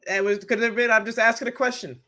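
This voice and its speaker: A man's voice: extremely high pitch, fairly even intonation, fast, bright, forceful tone. A man co-hosting a podcast in casual chat, teasing and stammering, repeating himself as he poses questions. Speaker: podcast co-host. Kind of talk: casual wrestling recap chat.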